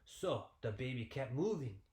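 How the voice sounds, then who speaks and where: A man, a PE teacher, telling a story to young children in an animated, sing-song way from home. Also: medium pitch, normal speed, reverberant.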